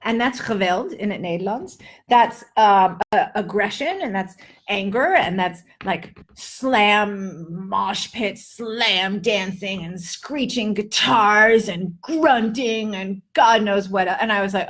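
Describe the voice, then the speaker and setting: A woman's voice: medium pitch, fairly bright tone. A middle-aged woman teaching English pronunciation in a live online lesson, drawing out words in playful drills. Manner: playful, drawn-out word drills.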